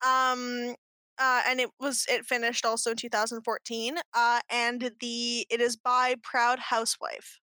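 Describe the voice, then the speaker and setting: A woman's voice: fairly high pitch, completely flat delivery, unhurried, sharp tone, dry recording. A woman co-hosting a show, reading fanfiction aloud in a mock-earnest, giggly way. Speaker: podcast co-host.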